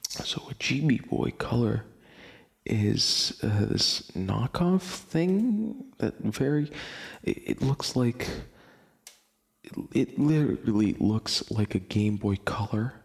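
A man's voice: medium pitch, animated, slow pace, vocal fry, slightly rough. A young man hosting a casual late-night podcast, rambling, laughing often and swearing casually. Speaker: podcast host.

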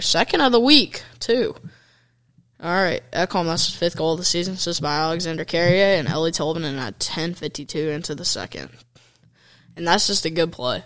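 A young man giving casual, excitable commentary over hockey highlights, chatty and fan-like, with fillers and slang. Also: smooth.

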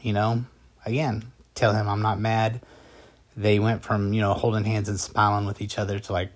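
A man with a fairly low voice tells a personal story in a loose, conversational way. He talks in a calm, matter-of-fact tone and often circles back with fillers and restarts. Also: normal speed. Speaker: vlogger recounting a personal story.

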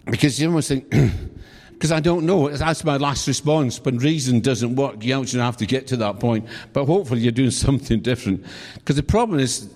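A man's voice: medium pitch, brisk, darkish tone. A middle-aged British man preaching a sermon, telling humorous stories and asking the audience questions. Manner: humorous, chatty storytelling with asides to the audience. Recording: long hall reverb.

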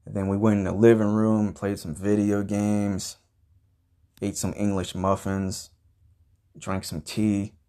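A man hosting a comedy podcast, telling a crude, profane story in a rambling, deadpan way and grumbling about everything. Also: on the low side, unhurried. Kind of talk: improvised comedic monologue.

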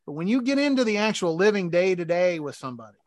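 A married man co-hosting a podcast, chatting casually and telling animated stories where he acts out domestic arguments. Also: high voice, fast talker, dry recording, clean studio sound. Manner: animated storytelling, acting out arguments. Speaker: podcast co-host. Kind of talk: casual chat.

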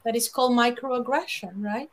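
A woman giving public speaking advice in an emphatic, animated way, often laughing and acting out quoted lines. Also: a little high, brisk, slight background noise. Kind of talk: lively conversational advice.

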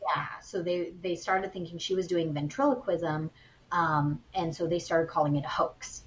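A woman's voice: on the low side, moderate pace, lo-fi sound, slight background noise. Chatty woman spinning a spooky tale. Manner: animated retelling of a spooky tale, chatty with fillers. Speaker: podcast co-host. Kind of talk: casual storytelling chat.

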